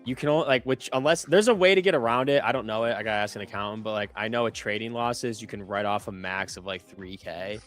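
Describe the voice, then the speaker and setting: A man's voice: on the low side, fairly even intonation, fast, few pauses, faint music behind. A young man trading on a live stream, talking loosely with many fillers and self-corrections. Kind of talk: casual chat.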